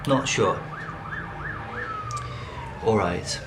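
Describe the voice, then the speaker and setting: An eye surgeon speaks very slowly in a fairly low voice, calm and reassuring but hesitant with frequent ums. He's heard in a documentary interview and at a patient's bedside, with a noisy background.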